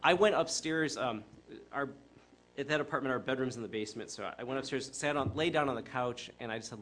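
A man's voice: mid-range voice, fairly quick, fairly bright tone. Conversational middle-aged male preacher. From Chicago area. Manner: conversational, with many fillers and self-corrections. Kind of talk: sermon.

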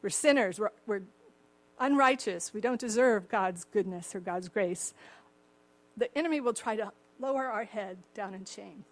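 A woman's voice: mid-range voice, normal speed. An older woman preaching a sermon, with a slightly cracked voice and chuckling asides. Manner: warm chuckling asides, acts out the story voices.

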